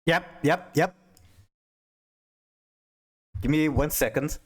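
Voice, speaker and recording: Male streamer, higher-pitched, casual and chatty, stammers often, reads chat aloud. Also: takes it slowly, breathy edge. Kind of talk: casual live-stream chat while playing a card game.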